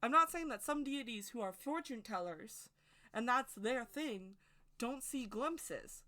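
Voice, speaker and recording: A woman's voice: fairly high pitch, animated, measured pace, bright, forceful tone. A woman giving a casual, rambling opinion monologue to camera as a witchcraft video creator, speaking emphatically and straight to her viewers.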